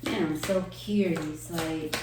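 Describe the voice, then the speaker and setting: A woman's voice: deep voice, steady tone, takes it slowly, echoey room, background noise. A woman giving an emotional, earnest tarot reading to her viewers, repeating phrases for emphasis. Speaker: tarot reader.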